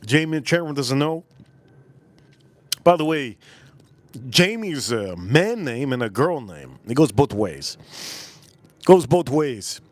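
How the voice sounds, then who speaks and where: A man's voice: medium pitch, big pitch swings, slow pace, pauses often, a little mellow. A man hosting a livestream, telling a rambling story in a casual way, often repeating phrases and swearing in passing. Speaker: livestream host.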